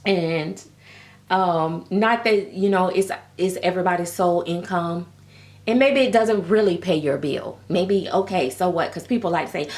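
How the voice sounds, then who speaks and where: Animated chatty woman vlogger. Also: lowish voice, moderate pace. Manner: animated storytelling with frequent laughs and pet names like baby. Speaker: reborn doll vlogger. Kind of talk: casual chatty vlog rant.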